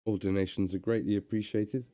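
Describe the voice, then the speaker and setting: Brief: relaxed male streamer, hesitant chat, dry close sound. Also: lowish voice, a little fast, dry recording. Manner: relaxed, hesitant with many fillers. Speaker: streamer reading aloud. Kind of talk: casual reading and chat on a live stream.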